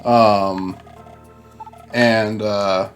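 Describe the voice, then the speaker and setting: A man's voice: lowish voice, fairly even intonation, drawn-out words, faint music behind. A man hosting a casual gaming chat, rambling with many restarts. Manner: rambling, full of fillers and restarts. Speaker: host and gamer.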